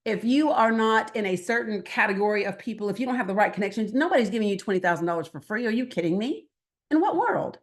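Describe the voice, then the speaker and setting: A woman speaking as a guest at a political training workshop, talking to a room in an animated, conversational way, asking the audience questions and acting out bits of dialogue. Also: medium pitch, fast, few pauses. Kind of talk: lively workshop talk to an audience.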